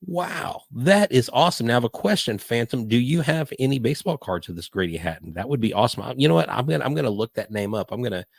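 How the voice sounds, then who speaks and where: A man's voice: mid-range voice, expressive, racing, creaky, few pauses, no room sound. Chatty older man, dry sound. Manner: rambling, hyper, chatty. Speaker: podcast host. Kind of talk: live-stream casual chat.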